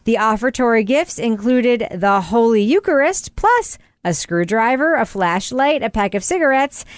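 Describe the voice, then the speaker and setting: A woman hosting a podcast, reading a crime story with wry, deadpan jokes and steering her panel. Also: fairly high pitch, normal speed, no echo, clean studio sound. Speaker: podcast host. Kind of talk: scripted crime segment and panel chat.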